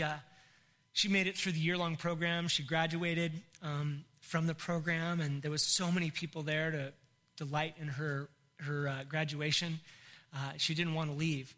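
A man's voice: fairly high pitch, fairly even intonation, unhurried, pushed and bright. A middle-aged man, a pastor, telling an emotional personal testimony in a sermon, breaking into laughs and near tears. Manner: emotional, tearful storytelling with laughs.

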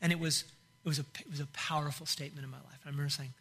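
A man's voice: fairly high pitch, fairly even intonation, racing, pushed and bright, husky. A male pastor preaching a sermon in an impassioned way, with many restarts and repeated phrases.

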